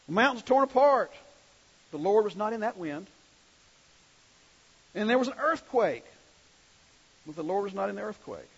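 Male preacher, high husky voice, conversational sermon, slightly dull lo-fi recording. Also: very animated, moderate pace, long pauses. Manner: conversational, asks the congregation questions.

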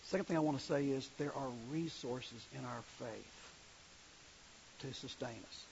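A man's voice: medium pitch, unhurried, creaky, muffled recording, background noise. A male preacher giving a sermon in a conversational way, asking the congregation questions as he reads scripture.

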